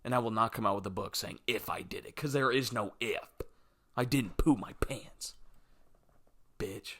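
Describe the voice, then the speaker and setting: A young man in his twenties talking through a casual solo podcast at a middle pitch. He rambles from topic to topic, joking around and swearing without a second thought. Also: a little slow, fairly bright tone. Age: 20s. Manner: rambling, jokey, swears freely, drifts between topics. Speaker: podcast host.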